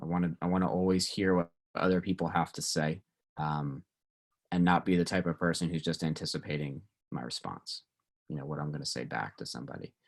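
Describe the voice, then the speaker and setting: A man, a pastor, leading a relaxed Bible study discussion with teens, asking the group questions and talking with many fillers and restarts. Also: a bass voice, fairly quick.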